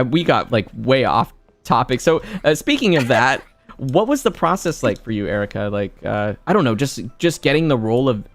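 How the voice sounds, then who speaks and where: A man with a gravelly, creaky edge to his mid-range voice chats casually as a host. He tells stories in an animated way, laughing often and tripping over his words as he goes. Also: medium pitch. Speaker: voice actor hosting a video chat. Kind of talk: casual chat.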